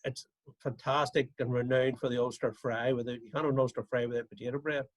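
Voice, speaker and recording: Man, mid-pitched, bakery guest on a video call; steady and explanatory. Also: fast, no room sound, poor audio. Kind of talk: casual chat on a video call.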